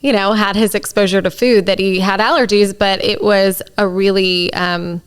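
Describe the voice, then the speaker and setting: A woman hosting a podcast, upbeat and warm as she chats casually and introduces the guest. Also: mid-range voice, fairly even intonation, moderate pace, smooth. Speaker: podcast host.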